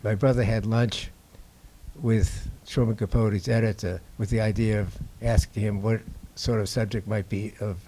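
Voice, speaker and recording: An older man from Boston, a documentary filmmaker telling stories to an audience in a halting, unhurried way. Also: lowish voice, steady tone, warm tone. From Boston, USA. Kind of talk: anecdotal talk to an audience. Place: indoor screening before an audience.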